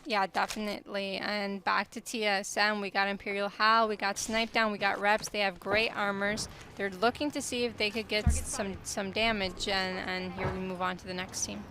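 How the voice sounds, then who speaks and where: A woman doing live esports play-by-play commentary, making quick, descriptive game calls. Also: medium pitch, little pitch movement, faint music behind. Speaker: esports caster.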